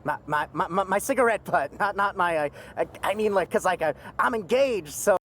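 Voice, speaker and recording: A man's voice: high voice, animated, brisk, fairly bright tone, exaggerated voice. Man doing a stammering sleazy yakuza thug. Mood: flustered. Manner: stammering, flustered.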